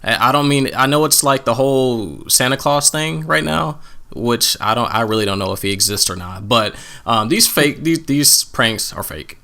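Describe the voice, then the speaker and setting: Bright-voiced man, opinionated. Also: mid-range voice, animated, normal speed. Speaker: podcast co-host. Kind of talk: casual chat.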